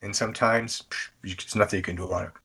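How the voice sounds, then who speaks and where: A man's voice: lowish voice, steady tone, quick pace, sharp tone, breathy edge. A man appearing as a guest on an interview show, explaining leadership habits in an easygoing way with many fillers and restarts. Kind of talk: conversational interview.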